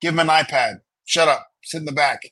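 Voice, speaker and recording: A man co-hosting a casual chat, animated and acting out the people he quotes. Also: on the high side, fairly quick, no room sound, low-quality recording. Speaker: podcast co-host.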